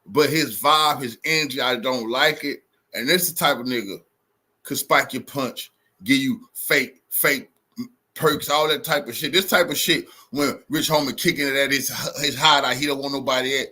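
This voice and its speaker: A man's voice: medium pitch, moderate pace, bright, forceful tone. A man hosting a reaction commentary, talking in a mocking, sarcastic way. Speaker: commentary vlogger.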